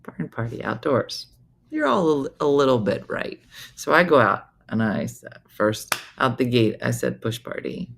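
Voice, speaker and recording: A woman comedian with a low, gravelly voice hosts a casual morning show. She tells her story in a chatty, animated way and keeps breaking off for quick asides. The tone is loose and conversational throughout.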